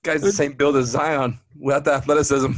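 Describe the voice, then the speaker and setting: A man's voice: on the high side, fairly even intonation, a little fast. Wisecracking man on a noisy mic. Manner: wisecracking, reads tweets aloud. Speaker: podcast co-host. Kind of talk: casual sports chat.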